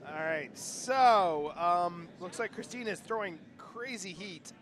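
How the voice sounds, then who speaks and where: A man's voice: high voice, animated, a little slow, a bit bright. A man giving casual, joking live commentary on a curling match. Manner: joking, chatty, laughs often. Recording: crowd chatter in a busy club.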